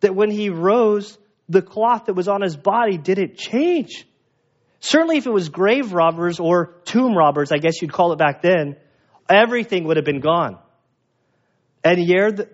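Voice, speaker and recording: A man preaching a sermon in a lively, animated way, acting out the voices of people in the story. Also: on the high side, muffled recording. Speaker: pastor.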